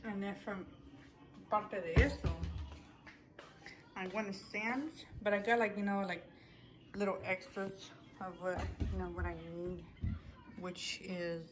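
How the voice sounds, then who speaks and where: A woman's voice: medium pitch, level tone, measured pace, noisy background. A woman chatting casually to her viewers, a little out of breath, rambling with lots of fillers and restarts. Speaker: vlogger. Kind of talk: casual haul chat to camera.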